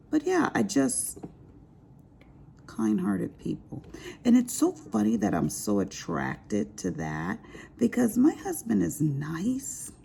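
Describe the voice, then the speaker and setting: Chatty woman with a gravelly voice. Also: rumbling low, a little hiss or hum. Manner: chatty, expressive, calls listeners honey. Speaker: diamond painting vlogger. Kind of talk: casual chat while crafting.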